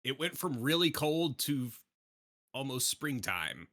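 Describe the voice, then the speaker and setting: Jokey male co-host with a bright, bouncy voice. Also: medium pitch, big pitch swings, measured pace. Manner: joking, chuckling. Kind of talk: casual live-stream chat.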